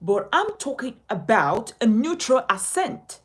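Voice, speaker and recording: A woman's voice: on the high side, sing-song, takes it slowly, hardly any pauses, husky, low-quality recording. A woman from Nigeria teaching a speaking lesson as a communication coach, emphatic and instructive, repeating her key points.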